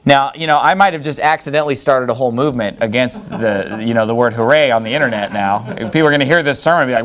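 A man's voice: medium pitch, fast, few pauses, a bit bright. A man preaching a sermon in church, firing rhetorical questions at the congregation. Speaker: pastor.

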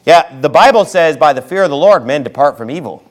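High-voiced fiery male preacher. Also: animated. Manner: forceful preaching, swings from low asides to shouted outbursts; slows down to stress scripture quotes. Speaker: pastor. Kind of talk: fiery sermon.

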